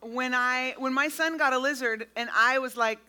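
Chatty middle-aged woman, bright tone. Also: sits high, moderate pace, clear, resonant tone. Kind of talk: casual chat.

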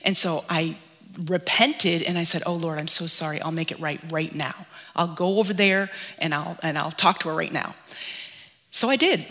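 A woman preaching, telling a personal story in an earnest, confessional way that sometimes sinks to a hushed whisper. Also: fairly low pitch, long reverb tail.

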